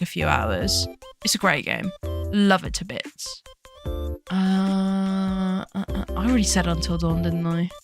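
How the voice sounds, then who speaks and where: A young woman chatting casually on a live stream, rambling from topic to topic, giggling often and greeting her chat excitedly. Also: medium pitch. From United Kingdom. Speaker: VTuber streamer.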